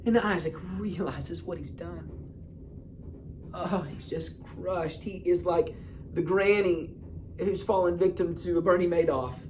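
A man preaching a sermon, retelling a Bible story in a casual, humorous way with quick bursts of speech. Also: high-pitched, darkish tone, slight background noise.

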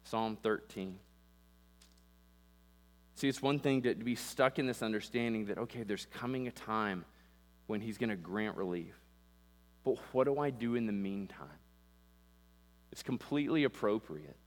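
A man's voice: on the low side, normal speed, pauses often. A male pastor preaching with passion, rising and falling in force and acting out the voices he quotes, recorded in a church sanctuary on a pulpit microphone. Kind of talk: sermon. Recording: long reverb with mains hum.

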